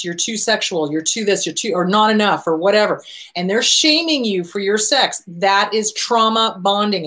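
A middle-aged woman with a medium-pitched, slightly bright voice hosts a relationship advice talk. She answers viewer questions emphatically, repeating key phrases to drive her points home.

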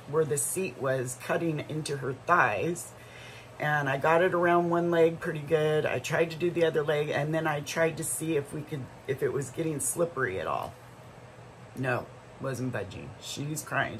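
A woman's voice: low-pitched, slight background noise, rough recording. A middle-aged woman vlogger telling a story in a casual, rambling way, full of asides and restarts.

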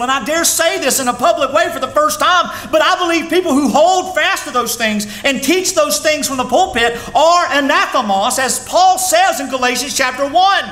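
A man preaching a sermon as a pastor. His voice climbs and falls sharply as he preaches. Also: bright, forceful tone. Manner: preaching with sudden rises and drops in pitch. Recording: echoey room sound with faint noise.

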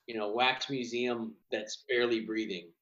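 A man's voice: mid-range voice, fairly even intonation, normal speed, a bit bright, roomy sound, highs cut off. A man being interviewed about his own films, talking in a reflective, easygoing way and saying "you know" a lot. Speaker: filmmaker guest. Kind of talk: casual interview chat.

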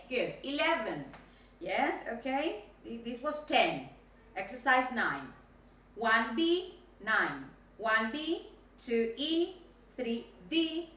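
Lady teaching english on video, bright voice, room echo, sounds a bit far off the mic. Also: a little high. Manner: slow, clear dictation with frequent "okay?" checks. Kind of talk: recorded video lesson for young learners. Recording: echoey room, voice a bit off mic, faint noise.

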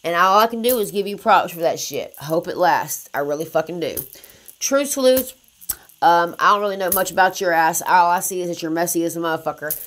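A woman's voice: fairly low pitch, a little fast, a bit bright. Blunt, foul-mouthed woman ranting. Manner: blunt, confrontational, heavy swearing. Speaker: commentary vlogger. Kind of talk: profane drama commentary rant.

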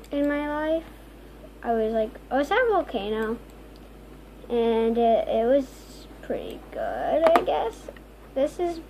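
High-voiced, excitable woman gamer. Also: slight background noise. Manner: excitable, frequent squealing exclamations. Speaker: gaming video host. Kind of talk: gameplay commentary.

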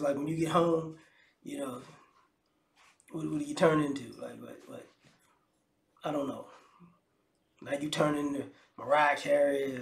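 Guy ranting on his vlog, mocking, laughing, gravelly, roomy echo. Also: fairly high pitch, fairly bright tone. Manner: mocking, incredulous, repeats words, laughs often. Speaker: commentary vlogger. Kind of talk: casual comedic rant.

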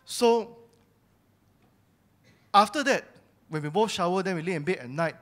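High-voiced man giving candid church testimony. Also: animated, measured pace, fairly bright tone. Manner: candid, confessional storytelling. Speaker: church speaker sharing testimony. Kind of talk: personal testimony sermon.

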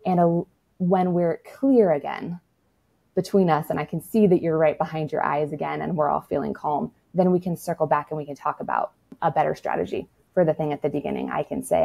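A woman talks through parenting advice as an expert guest in a relaxed podcast conversation. Her voice sits a little low and sounds warm and mellow. She speaks frankly and matter-of-factly, with plenty of "like" and the odd swear word. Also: fairly quick, creaky, husky. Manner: frank and matter-of-fact, peppered with "like", occasional swearing.

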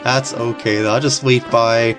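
A video game commentator talking casually through a playthrough, excitable and giggling often, over game music. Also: medium pitch, normal speed. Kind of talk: casual let's-play commentary.

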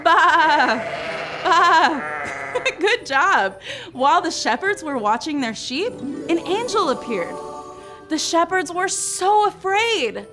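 Young woman host of a preschool Bible show, high, sunny voice, unhurried and playful, light music underneath. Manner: exaggerated, playful, cheering on young children.

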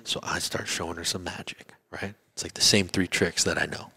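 A man, a podcast guest, telling a story in a lively way and acting out other people's lines. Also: sits low, fairly quick, breathy edge. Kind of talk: casual storytelling interview. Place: convention trade show booth.

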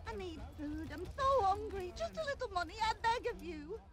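Hungry beggar lady, high soft begging voice, lively swoops, far off in the game. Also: normal speed. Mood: pleading. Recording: game audio heard from far off.

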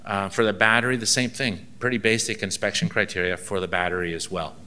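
A man with a low-leaning, bright and forceful voice gives a seminar, drifting into anecdotes. He acts out little exchanges with a dry, wry sense of humor. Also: steady tone, quick pace. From Canada. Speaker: ministry inspector giving a seminar.

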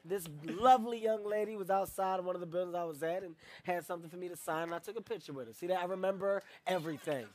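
Man, comedian, from Philadelphia, high voice, energetic, animated storytelling. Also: quick pace, hardly any pauses, slight background noise. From Philadelphia, United States. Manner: energetic, animated, breaks into laughter. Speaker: comedian, interview guest. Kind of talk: interview chat and storytelling.

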